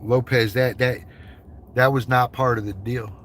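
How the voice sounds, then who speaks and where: A man's voice: mid-range voice, steady tone, measured pace, fairly bright tone, slight background noise. A man from the United States in a vehicle, chatting with his livestream viewers in loose, profane, joking banter. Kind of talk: casual livestream chat.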